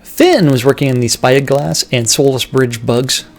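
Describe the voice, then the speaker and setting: A man's voice: medium pitch, faint music behind. A man hosting a livestream, reading a list of team updates with casual asides. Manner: brisk list-reading, breaking into laughing banter. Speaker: host.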